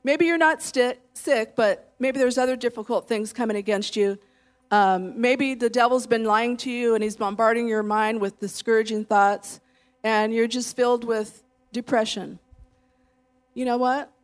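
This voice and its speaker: A woman in her late fifties delivers a sermon from the pulpit in a friendly, conversational way. Her voice sits a little high, and she moves easily between encouragement and storytelling, with self-deprecating asides. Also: steady tone, normal speed. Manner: warm conversational preaching, leads the congregation in declarations. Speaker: pastor's wife preaching.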